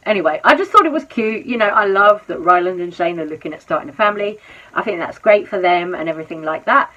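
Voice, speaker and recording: Woman, casual commentary vlogger, chatty, emphatic repeats, mid pitch, muffled lo-fi audio. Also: a bit bright. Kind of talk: casual drama commentary while doing makeup.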